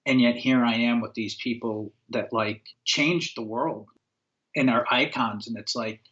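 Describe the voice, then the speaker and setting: A man's voice: medium pitch, unhurried. A man from upstate New York spins a long anecdote in easy, casual conversation. He acts out the voices of people in the story and leans on fillers. His voice sits mid-range, and the audio is dull and lo-fi. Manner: animated storyteller, acts out quotes, frequent fillers. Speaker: guest, former record label owner. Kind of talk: casual anecdote-telling interview.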